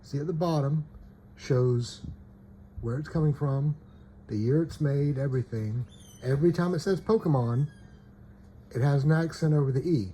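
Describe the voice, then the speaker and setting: A man's voice: a little high, normal speed, long pauses, dark tone, a little hiss or hum. A man casually showing trading cards, often checking "okay?" and trailing off mid-sentence. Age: adult parent. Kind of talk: casual show-and-tell.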